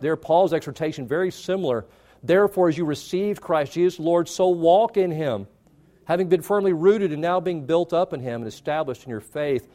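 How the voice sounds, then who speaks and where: A male pastor preaching a sermon, emphatic and repetitive, rising in pitch to stress key phrases. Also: dark tone.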